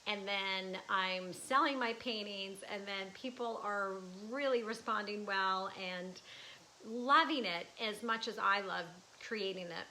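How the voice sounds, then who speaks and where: A woman's voice: medium pitch, unhurried, sharp tone, a little hiss or hum, poor audio. A woman in her fifties, an artist chatting casually and emotionally in a live stream from her art studio, with laughs and restarts. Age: 50s. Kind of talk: casual livestream chat.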